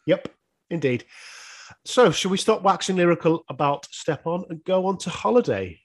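Man in his 30s, slightly high voice, relaxed chatty co-host who swears and laughs a lot. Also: moderate pace. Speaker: podcast co-host. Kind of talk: casual chat reviewing an album.

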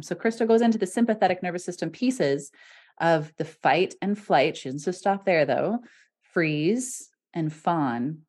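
A woman voice coach hosting a podcast, with a slightly low pitch. She talks in an animated way and laughs often between points. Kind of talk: casual podcast conversation.

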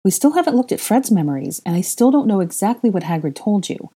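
A woman's voice: fairly low pitch, expressive, fast, warm tone, breathy edge. A woman voicing an earnest, bossy young witch who talks urgently and insistently.

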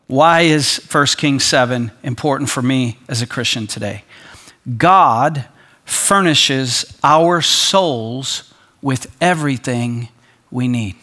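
An animated male pastor preaches a sermon, acting out the voices he quotes and dropping to a soft, low voice for emphasis.

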